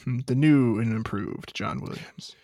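A man's voice: mid-range voice, a little slow, dark tone, dry recording. A man co-hosting a podcast in casual chat, throwing in dry joking asides. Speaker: podcast co-host.

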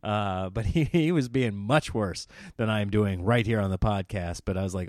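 Man, from Nebraska, comedy podcast host, casual rambling monologue, animated storytelling, dry close sound. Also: fairly low pitch, moderate pace, few pauses, dry recording.

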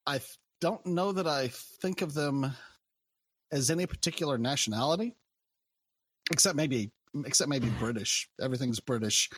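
A man chatting casually about games in a relaxed, rambling way that trails off. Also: mid-range voice, moderate pace, husky, no room sound. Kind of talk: casual chat.

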